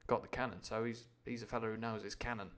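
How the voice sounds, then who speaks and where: A man's voice: fairly low pitch, flat delivery, quick pace, a bit bright. A man reading a classic adventure novel on a live stream, breaking off often for playful, irreverent explanations. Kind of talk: book reading with chatty asides.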